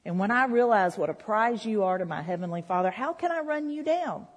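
A woman's voice: mid-range voice, lively intonation, a little fast. A woman preaching a sermon in a church, talking conversationally with the congregation. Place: church hall. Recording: reverberant hall.

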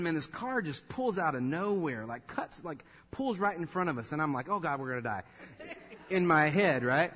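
Animated preacher in a reverberant hall. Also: male voice, fairly high pitch, husky. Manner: animated, laughing storyteller. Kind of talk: sermon with personal story. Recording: long reverb of a large hall.

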